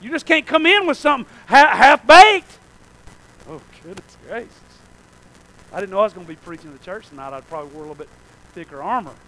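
A man preaching a fervent revival sermon, often calling out "amen?" to the congregation and at times breaking into shouts. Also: big pitch swings, quick pace, low-quality recording. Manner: breaks into shouts at high points.

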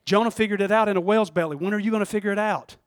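A man preaching a sermon in a fervent, folksy way, moving between loud outbursts and hushed asides and chuckling often. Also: high-pitched, steady tone, very fast, no room sound, studio quality.

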